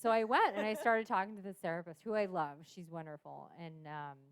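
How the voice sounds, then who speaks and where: A woman's voice: on the low side, fairly quick, clear, resonant tone, no echo. Candid, profane woman telling her story. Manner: frank, profane, laughs often. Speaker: podcast guest.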